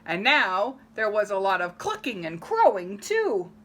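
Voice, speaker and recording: A woman's voice: medium pitch, a little slow, slight background noise. A woman reading a picture book aloud to children, acting out the story and asking them questions. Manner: animated, asks listeners questions, acts out the story. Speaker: storybook reader.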